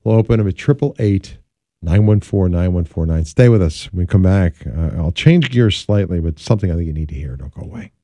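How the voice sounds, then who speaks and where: Low dark-voiced radio host guy, dry studio sound, smooth break patter. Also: expressive, a little fast, dry recording. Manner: reactive, brief affirmations, smooth break patter. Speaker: radio talk show host. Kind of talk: radio interview hosting.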